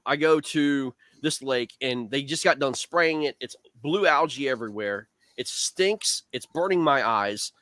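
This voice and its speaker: A guest angler on a video call tells a long fishing story, rambling and animated, peppered with "man" and "dude." His voice is mid-range, with no room sound.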